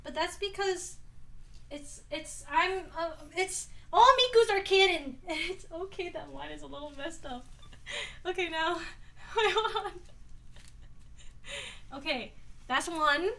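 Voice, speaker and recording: A woman's voice: very high-pitched, takes it slowly, vocal fry, long pauses, bright, forceful tone, far from the mic. A woman livestreaming in a casual chat, giggling constantly and rambling while she fiddles with things off to the side. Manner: busy with her hands while talking, distracted. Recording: voice a bit off-mic.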